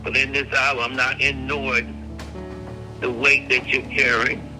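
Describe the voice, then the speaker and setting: A man preaching a fervent prophetic prayer, repeating words and phrases and swinging from hushed tones to shouts. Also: mid-range voice, level tone, unhurried, music in the background, low-quality recording.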